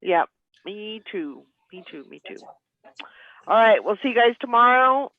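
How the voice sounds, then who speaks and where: A woman's voice: a little high, animated, a little slow, dry recording. A woman hosting a casual morning chat show, chatting and agreeing with her guests. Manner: chatty, brief agreeing interjections. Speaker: host of a morning live-stream show. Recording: dull lo-fi sound.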